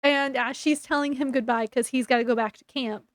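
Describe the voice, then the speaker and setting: High-voiced woman chatting about a book. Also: fairly even intonation, a little fast, no room sound, studio quality. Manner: chatty, retells scenes with quoted dialogue. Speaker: book reviewer. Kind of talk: casual book review recap.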